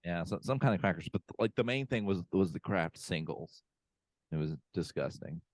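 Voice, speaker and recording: A man with a very low voice casually retells a movie for his podcast co-hosts, leaning on fillers and quoting characters. The sound is dry and close to the mic. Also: expressive, moderate pace, dry recording. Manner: rambling recap with many fillers and quoted lines. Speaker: podcast co-host. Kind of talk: casual movie recap chat. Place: home room, remote call.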